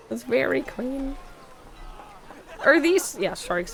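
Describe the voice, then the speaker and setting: A woman's voice: on the high side, animated, moderate pace, a bit bright. A woman streamer with a sick voice, chatting casually and swearing while playing a game. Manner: chatty, swearing, self-mocking. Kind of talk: casual gameplay commentary.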